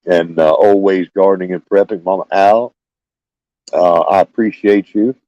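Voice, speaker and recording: An older man, chatting haltingly with many fillers while hosting a live stream from his phone. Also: low voice, steady tone, mellow, dry recording, lo-fi sound. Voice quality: scratchy. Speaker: homestead channel host. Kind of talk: casual live stream chat. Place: small room with fans running.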